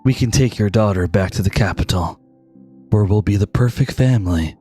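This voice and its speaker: A man voicing a cruel, possessive male captor in a low, gloating tone in a tabletop game. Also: moderate pace, dark tone, breathy edge, faint music behind. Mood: smug.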